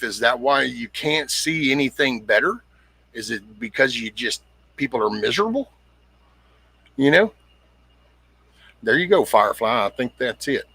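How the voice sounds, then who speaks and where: Middle-aged male streamer, husky, rambling and blunt, close dry sound. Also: mid-range voice, pushed and bright, no echo. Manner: rambling, blunt, swears casually, greets viewers by name. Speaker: livestream host. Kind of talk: casual livestream chat reading comments.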